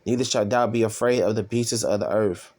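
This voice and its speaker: A man casually reading and commenting on scripture as a self-styled preacher, rambling and profane, with drawn-out fillers. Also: on the low side, a little mellow.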